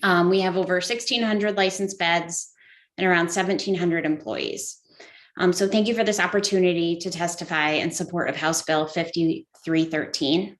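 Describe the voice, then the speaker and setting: A woman's voice: on the low side, fairly even intonation, normal speed, reverberant. A woman giving prepared testimony at a hearing, formal with frequent fillers. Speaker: nursing home recruitment director testifying.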